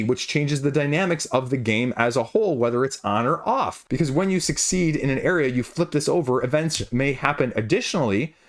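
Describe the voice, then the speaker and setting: Man reviewing a board game casually. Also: medium pitch. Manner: conversational, rhetorical questions, asides.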